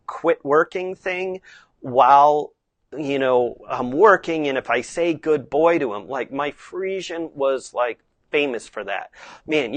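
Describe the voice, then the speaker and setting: A woman instructor teaching carriage driving in a casual, chatty way, lively and acting out tones of voice. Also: sits low, no room sound. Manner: conversational, chatty with fillers.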